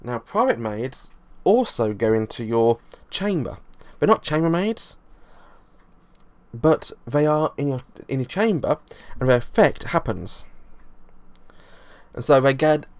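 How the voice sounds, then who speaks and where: A man talks through how a card game works in an easygoing review. His voice sits at a middle pitch, and he explains things loosely, backing up and rephrasing as he goes. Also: sing-song, a little slow. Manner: loose, rambling explanation with frequent restarts.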